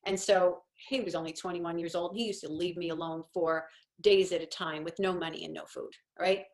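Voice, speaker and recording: A woman's voice: lowish voice, fairly even intonation, normal speed. A woman in her fifties hosting a casual coffee-talk monologue, telling stories in a rambling, self-deprecating way. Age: 50s. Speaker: host.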